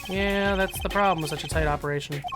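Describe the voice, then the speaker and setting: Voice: mid-range voice, fast talker, lightly acted. A streamer voicing a laid-back, teasing middle-aged man who runs a small agency, over game music. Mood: offhand. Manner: offhand, teasing. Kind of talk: voice acting a game playthrough. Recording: game music playing underneath.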